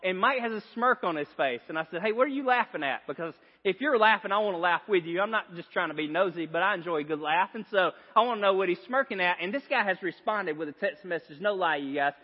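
A high-pitched male pastor preaching a storytelling sermon, laughing often and repeating himself for emphasis. His voice rings out with a long echo in a church hall, and the sound is a little dull. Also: animated, fast talker, hardly any pauses. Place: church sanctuary.

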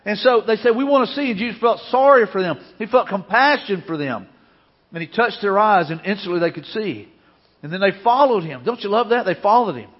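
A man's voice: high voice, expressive, fairly quick, slightly rough. A man preaching a sermon as pastor, earnest and repeating his key phrases for emphasis. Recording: dull lo-fi sound with long hall reverb.

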